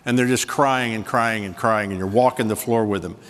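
A man preaching a sermon to a congregation, switching between slow, soft emphasis and quick conversational asides. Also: fairly low pitch, fairly even intonation, big-room sound. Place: church sanctuary with a congregation.

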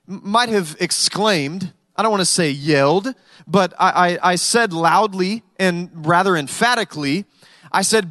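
High-voiced man preaching a sermon. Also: a little slow, sharp tone, dry recording. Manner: conversational preaching with humorous storytelling. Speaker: pastor.

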